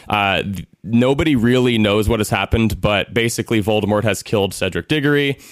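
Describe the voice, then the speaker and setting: A man's voice: on the low side, fairly quick, no room sound, clean studio sound. A young man hosting a podcast, rambling casually with lots of fillers. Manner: rambling, filler-heavy, laughs often. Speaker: podcast host.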